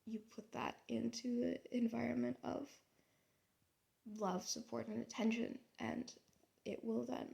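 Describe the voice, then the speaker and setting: Speaking at a measured pace with a level tone, an American artist and vlogger muses to the camera in a loose, reflective way. She is young, with a slightly high, fry-heavy voice, and her talk is full of fillers, trail-offs and restarts.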